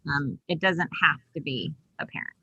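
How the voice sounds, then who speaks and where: A woman's voice: deep voice, normal speed, bright, forceful tone, slightly rough, dry recording, muffled recording. A woman chairing an online meeting over a video call, explaining procedures step by step in casual talk.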